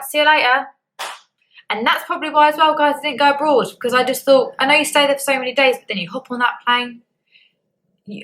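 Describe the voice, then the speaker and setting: Bright, chatty young woman. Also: on the high side, poor audio. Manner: chatty and candid, acts out quotes. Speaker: beauty vlogger. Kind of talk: casual chat to camera.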